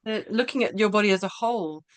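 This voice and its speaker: A woman hosting a webinar over a video call, agreeing warmly with her guest and speaking hesitantly with many fillers and restarts. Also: mid-range voice, quick pace, clean tone, no echo. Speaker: host. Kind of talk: casual webinar chat.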